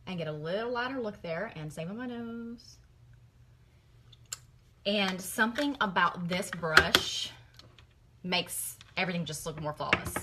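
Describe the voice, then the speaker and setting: A woman's voice: on the low side, bright, forceful tone. A middle-aged woman, chatting through a makeup tutorial in a gushing, rambling way. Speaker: makeup vlogger.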